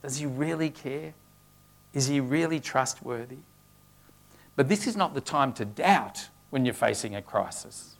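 A man's voice: medium pitch, lively intonation, a little slow, vocal fry. A man preaching a sermon, earnest, with frequent restarts as he works through a scripture passage.

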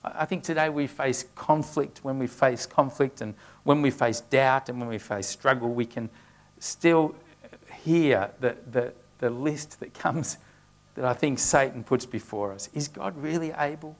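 A man's voice: medium pitch, unhurried. A man preaching a sermon, earnest, with frequent restarts as he works through a scripture passage.

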